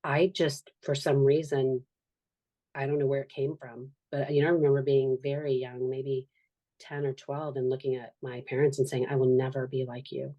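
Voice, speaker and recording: Her voice is extremely low and dark, delivered flatly at normal speed, and the recording sounds muffled. She's a woman in her fifties, an author and social worker, earnestly reflecting on her life as a podcast guest and acting out quoted voices in the candid conversation.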